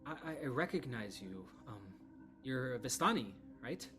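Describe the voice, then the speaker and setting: A man's voice: mid-range voice, very animated, a little slow, over music. A man voicing an injured, frightened young woman in her early twenties who stammers and pleads. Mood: pleading.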